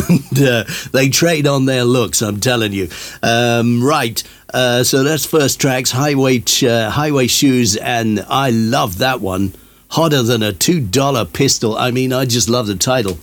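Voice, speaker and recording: An older man presenting a radio show in a rambling, chatty way full of fillers. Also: mid-range voice.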